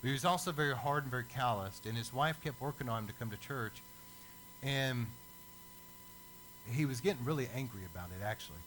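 A man preaching a sermon as a lively storyteller who acts out the people in his stories. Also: mid-range voice, a little fast, slight background noise, rough recording.

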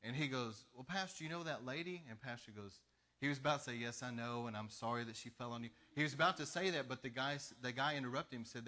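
Preaching in a mid-range voice, this pastor talks fast, spinning lively stories through his sermon while laughter breaks in between lines.

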